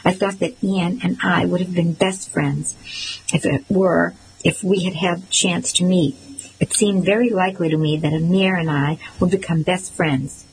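Audiobook narrator, woman, measured reading, slightly low voice. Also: fairly even intonation, a little hiss or hum, poor audio. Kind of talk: first-person storybook narration.

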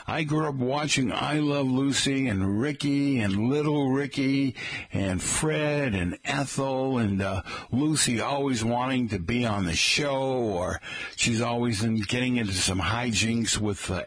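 Husky-voiced chatty middle-aged man. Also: medium pitch, a little slow, no room sound. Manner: chatty, rambling, addresses listeners as folks. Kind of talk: casual talk monologue.

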